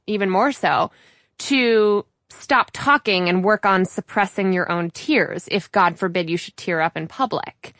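A woman hosting a podcast interview, talking with animated energy and laughing often. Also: medium pitch, no echo, studio quality. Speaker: podcast host.

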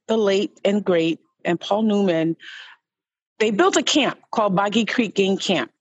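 A middle-aged woman from New York, a podcast guest recounting her life in an animated way and repeating words for emphasis. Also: medium pitch, no echo. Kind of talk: personal storytelling in conversation.

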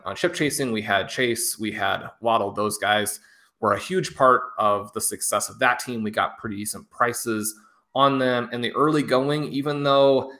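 A man hosting a casual sports podcast, talking in long, looping questions that restart as he goes. His voice is bright and sits a little low. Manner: chatty, rambling questions with restarts. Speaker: podcast host. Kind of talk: casual fantasy sports chat.

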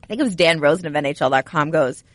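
A woman co-hosting a hockey podcast, chatting casually and telling stories with lively energy. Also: sits low, racing, dry recording. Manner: chatty, animated storyteller. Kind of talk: casual sports chat.

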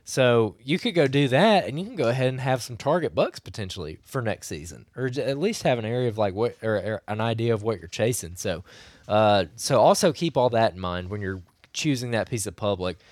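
A man, slightly hoarse from losing his voice, giving rambling, coaching advice as a podcast co-host. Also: mid-range voice, expressive, brisk, darkish tone, no echo, clean studio sound. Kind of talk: casual podcast chat.

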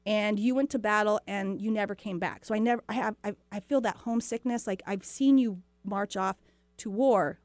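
A woman's voice: mid-range voice, a little mellow, dry recording. A woman hosting a spiritual talk show, telling a personal story in a chatty, earnest way with lots of quoted dialogue. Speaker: host.

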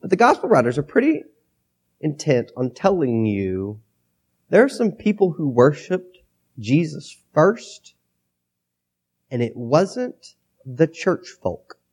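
A pastor with a cold preaching a sermon into a microphone, reading scripture aloud and then talking it through in a conversational way. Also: male voice, a little high, very animated, takes it slowly, long pauses, darkish tone, slightly rough. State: has a cold, coughing.

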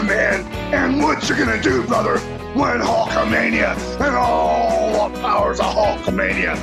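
A man impersonating a brash, loud male pro wrestler, ranting with a gravelly growl. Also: sits high, pitched above the performer's own voice, full character voice. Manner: boastful catchphrase rant. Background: country guitar music.

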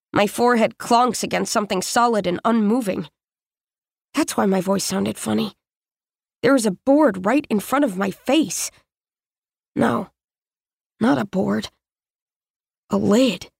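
A woman narrates a first-person story in a tense, suspenseful way. Her voice sits a little high and she reads very slowly. The sound is dry and close, with no room around it. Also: dry recording. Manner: slow, tense, suspenseful reading. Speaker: audiobook narrator.

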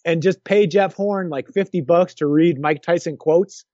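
A man co-hosting a casual sports chat, rambling and restarting his sentences with lively energy, on a dull lo-fi recording. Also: fairly high pitch, normal speed, no echo. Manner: rambling, lots of restarts, animated. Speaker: podcast co-host. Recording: dull lo-fi dry sound.

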